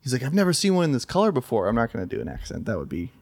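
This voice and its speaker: A man's voice: medium pitch, racing, dry recording, studio quality. A guitar store employee telling stories in casual podcast chat, quoting the people he met. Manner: animated storyteller, quotes people in his story.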